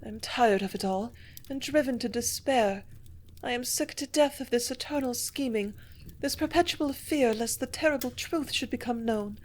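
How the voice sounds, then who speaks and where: A woman's voice: a little high, moderate pace, voice pushed up. A woman voicing a desperate young woman in an audiobook, her voice raised and strained. She speaks with a tormented, despairing manner. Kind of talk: audiobook character reading.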